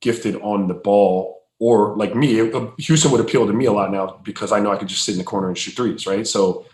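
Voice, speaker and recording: Low-voiced man with a roomy echo. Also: brisk. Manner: relaxed, storytelling, many fillers. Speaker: former basketball player. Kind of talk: casual storytelling.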